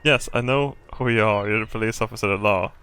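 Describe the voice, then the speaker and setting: A man's voice: fairly low pitch, fairly quick, a bit bright, clear, resonant tone, lightly acted. A man voicing a curt, guarded woman answering the phone in a game he is reading aloud.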